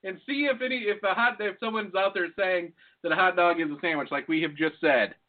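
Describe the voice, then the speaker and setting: A man's voice: sits high, a little fast. A man co-hosting a podcast, joking and rambling in casual banter. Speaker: podcast co-host. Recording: phone-like lo-fi audio.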